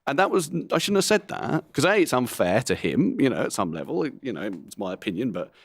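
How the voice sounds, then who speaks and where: With a mid-range, sing-song voice captured in clean studio sound without room noise, a middle-aged comedian guest chats candidly in an interview. He rambles, makes frequent self-deprecating asides, speaks frankly, and is quick to laugh.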